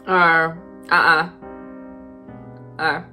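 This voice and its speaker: A woman's voice: sits low, little pitch movement, drawn-out words, sharp tone, faint music behind. A woman reacting to gross video clips, squeamish and exclaiming in disgust. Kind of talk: casual reaction commentary.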